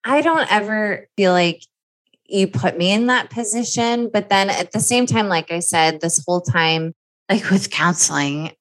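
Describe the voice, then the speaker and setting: A woman's voice: mid-range voice, unhurried, a bit bright, poor audio. A woman guest on a podcast, speaking in candid casual conversation, earnest and heartfelt.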